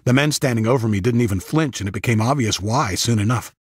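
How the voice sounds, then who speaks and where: A man narrating an audiobook in the first person with measured, scripted storytelling on a close studio mic. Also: medium pitch, slightly rough, no room sound.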